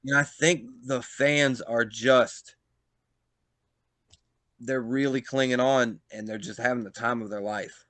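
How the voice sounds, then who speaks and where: A man spins a backstage story in casual chat, animated and full of swearing, with loud bursts when he acts out what others said. His voice is bright and forceful. The recording is close and dry, with no room sound. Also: mid-range voice, slow, long pauses, dry recording. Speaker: pro wrestler, podcast guest.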